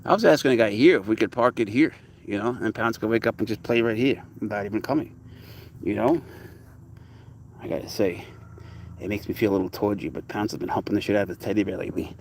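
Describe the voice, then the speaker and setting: A cat-owning vlogger talks fast in a fairly low voice while outdoors by a lake with his pet, musing loosely about life and cooing at the cat in baby talk. There's slight background noise in the recording.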